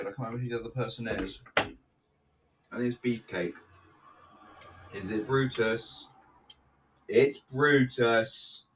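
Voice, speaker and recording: A man with a slightly low voice gives casual commentary while he watches and reviews a recorded show. He rambles, swears freely and keeps a sarcastic edge. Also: moderate pace, pauses often, a bit bright, a little hiss or hum. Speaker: wrestling reviewer.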